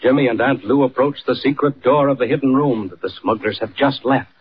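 A man narrating an old radio drama in a measured announcer delivery. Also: mid-range voice, slightly rough. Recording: dull old radio recording.

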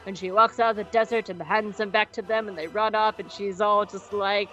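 A woman podcast co-host recapping in rambling, jokey casual chat at a mid pitch. The sound is slightly dull and lo-fi, with faint music underneath. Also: steady tone, pushed and bright. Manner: rambling and jokey, with quick asides.

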